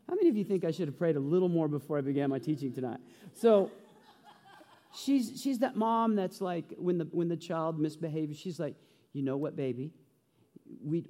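Man, pastor, sermon, high mellow voice, storytelling, long church reverb. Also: lively intonation, moderate pace. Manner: storytelling, humorous, earnest. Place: church sanctuary.

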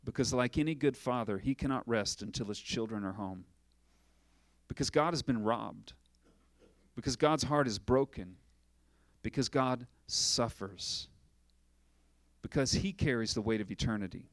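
A man's voice: medium pitch, moderate pace, no echo. A man preaching a sermon as pastor, asking rhetorical questions and acting out little dialogues.

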